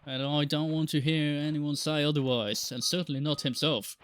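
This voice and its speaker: A man's voice: fairly high pitch, fairly even intonation, moderate pace, hardly any pauses, a bit bright, clear, resonant tone. A man casually chatting while streaming a game live, rambling and joking with frequent laughs and the odd swear. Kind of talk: casual live gameplay chat.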